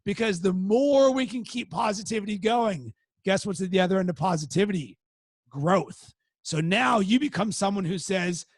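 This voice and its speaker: A man hosting a webinar, giving a motivational talk and telling a story lively, acting out quoted outbursts. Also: high-pitched, creaky, husky, dry recording. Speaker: webinar host.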